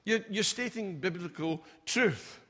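A man's voice: high-pitched, expressive, a little slow, a bit bright. A man preaching a sermon in a church, conversational, acting out doubters in mocking asides. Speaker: pastor. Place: church auditorium. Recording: long hall reverb.

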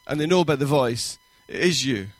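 A male pastor giving a sermon in a church, conversational and warm in pacing, with quoted asides and rising emphasis. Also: mid-range voice, lively intonation, normal speed, no echo.

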